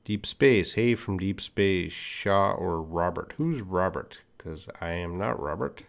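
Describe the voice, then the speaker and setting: A man hosts a live lesson, greeting each viewer and explaining patiently. He speaks slowly and unhurriedly, with a fairly low voice and plenty of ums and self-corrections. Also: lively intonation, gravelly. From Canada. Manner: greets viewers by name, explains patiently, hesitant with fillers and restarts. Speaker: English teacher. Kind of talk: live-streamed English lesson reading viewer chat. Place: indoor room at a desk with a board.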